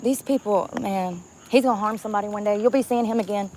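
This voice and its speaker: A woman's voice: medium pitch, fast talker, a little mellow, slight background noise. A woman vlogger ranting angrily and bluntly to the camera from inside her car at night, swearing often. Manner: angry, profane, blunt. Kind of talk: heated rant to the camera.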